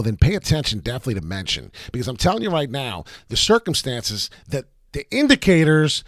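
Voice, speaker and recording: A New Jersey-accented man hosts a live crypto chart stream, rambling and cursing as he hypes his picks. His pitch jumps around a lot. The sound is dry, with no room echo. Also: a bit bright. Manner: hyped, profane, rambling. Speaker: crypto livestream host.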